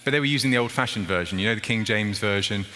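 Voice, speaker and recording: A man preaching a lively sermon, acting out a story in a playful, animated way. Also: lowish voice, fast talker. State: out of breath. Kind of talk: lively sermon with acted demonstration. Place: church hall. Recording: echoey hall with faint noise.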